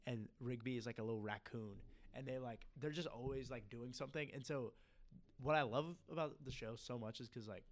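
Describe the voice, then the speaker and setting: A man's voice: mid-range voice, a little mellow. A young man co-hosting a casual podcast, rambling through stories with a lot of "like" fillers. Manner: rambling, filler-heavy storytelling. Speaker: podcast co-host. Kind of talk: casual chat.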